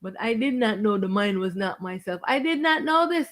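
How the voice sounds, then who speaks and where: A woman's voice: medium pitch, expressive, moderate pace, fairly bright tone. A woman acting as a spiritual teacher, preaching to viewers on a live stream in an emphatic, confrontational way. She stretches out stressed words and repeats her phrases.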